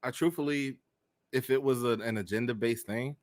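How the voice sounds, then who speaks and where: A man's voice: medium pitch, no echo. A man co-hosting a casual podcast, teasing and blunt, cursing freely. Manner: quick, blunt, teasing, profane. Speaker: podcast co-host. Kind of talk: casual chat.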